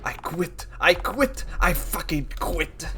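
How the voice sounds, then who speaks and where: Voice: medium pitch, lively intonation, measured pace, fairly bright tone, soft background music. A streamer voicing a grumpy male French tech repairman in a clumsy mock-French manner, reading a game aloud. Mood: furious.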